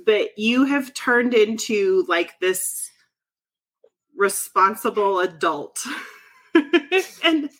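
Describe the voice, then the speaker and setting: A woman's voice: mid-range voice, animated, very slow, pauses often. A woman co-hosting a podcast in casual chat, effusive and laughing often, swearing freely. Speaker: podcast co-host.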